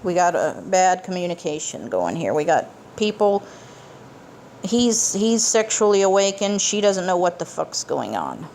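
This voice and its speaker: A woman's voice: fairly low pitch, big pitch swings, measured pace, a little mellow, slight background noise. A woman giving a casual plot recap of a film as a reviewer, blunt and profane, with emphatic asides. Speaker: movie reviewer.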